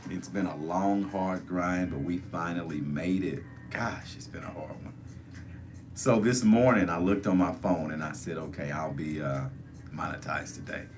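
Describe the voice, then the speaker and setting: A man's voice: low-pitched, moderate pace, a little hiss or hum. A man hosting a casual livestream, repeatedly urging viewers to join the chat and give thumbs up. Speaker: livestream host.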